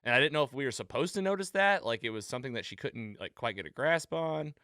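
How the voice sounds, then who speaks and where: A man hosting a casual recap chat, retelling scenes with animated quotes. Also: mid-range voice, fast talker, dry recording, clean studio sound. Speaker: podcast host.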